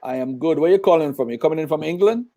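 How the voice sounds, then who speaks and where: A man hosting a call-in talk show, playful and lively with callers, then measured when answering. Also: on the high side. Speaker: host. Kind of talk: live-stream call-in talk.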